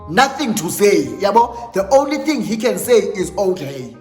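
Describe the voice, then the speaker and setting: A South African man spins a dramatic storytime for his channel, switching between English and Xhosa as he goes. His voice sits high for a man. The room is echoey with a long reverb tail, and faint music plays underneath. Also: normal speed. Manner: animated, dramatic retelling, mixing English with Xhosa phrases. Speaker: YouTuber. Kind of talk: storytime vlog.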